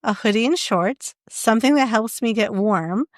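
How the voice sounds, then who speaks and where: A woman's voice: fairly high pitch, expressive, normal speed, dry recording, studio quality. A young woman co-hosting a podcast, chatting casually and reading quiz questions aloud with laughs. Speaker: podcast co-host. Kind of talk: casual chat.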